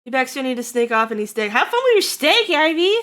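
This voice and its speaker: A woman streamer in casual live-stream chat, rambling and breaking into loud laughter, her throat getting tickly. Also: high-pitched, sing-song, quick pace.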